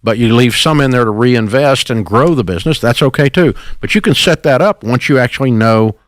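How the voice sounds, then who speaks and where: A blunt middle-aged man hosts a radio advice show and scolds listeners with emphatic, punchy lines. His voice sits at an ordinary pitch. It is recorded dry and close on a studio mic. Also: brisk, no echo. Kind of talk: call-in radio advice talk.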